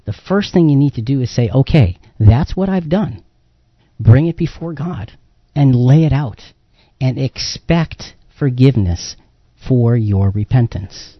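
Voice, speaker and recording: A man's voice: medium pitch, lively intonation, measured pace, no echo, muffled recording. A man co-hosting a radio talk show, speaking earnestly and directly to the listeners. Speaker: radio co-host.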